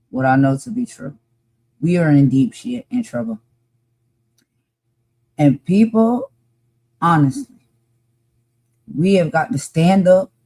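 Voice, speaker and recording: A woman's voice: lowish voice, darkish tone, husky. A woman co-hosting a live podcast discussion, talking passionately and emphatically and repeating her points for force.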